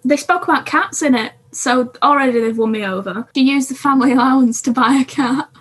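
Woman podcast co-host, high husky voice, chatty and rambling from notes. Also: brisk, fairly bright tone. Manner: chatty, reads from notes, self-interrupting. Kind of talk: casual chat about TV.

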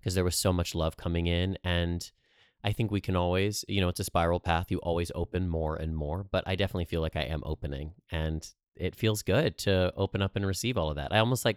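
A man's voice: low voice, clear, resonant tone, no echo, clean studio sound. A man in his thirties co-hosting a podcast, chatting playfully and openly about his birthday and astrology. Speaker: podcast co-host. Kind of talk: casual chat.

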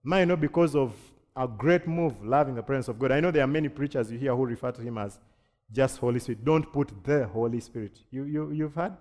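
A male pastor from Kenya delivering a lively sermon, acting out quoted voices and joking with his congregation. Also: mid-range voice, a little fast. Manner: animated preaching with jokes and acted-out quotes. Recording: long hall reverb.

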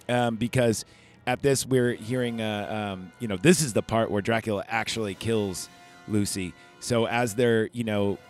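A man hosting a podcast, recapping a movie in a rambling, chatty way and swearing freely. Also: medium pitch. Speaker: podcast host. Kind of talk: casual film review.

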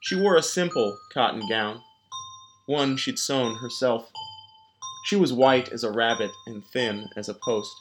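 A man narrates an audiobook in a measured, even storytelling voice. His pitch sits in the ordinary middle range. Background music plays throughout. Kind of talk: scripted narration.

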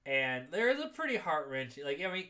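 A young man casually recapping a movie on a podcast, swearing a lot and laughing through animated retellings. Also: on the high side, fairly quick. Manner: profane, laughing, animated retelling with quoted voices. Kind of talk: casual chat.

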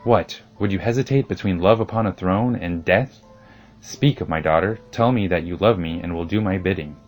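A man's voice: low-pitched, normal speed. A man voicing a stern, commanding old king in a storybook reading.

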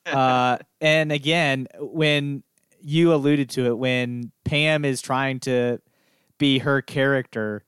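A man's voice: mid-range voice, fairly even intonation, slow pace, a bit bright, clear, resonant tone, no echo, clean studio sound. A man co-hosting a podcast in casual chat, explaining things in a friendly way and chuckling often. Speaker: podcast co-host.

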